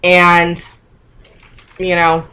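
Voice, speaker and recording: A woman's voice: fairly low pitch, monotone, very slow, pushed and bright. A woman in her thirties chatting candidly to her camera in a casual vlog, open and emotional as she talks. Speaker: vlogger.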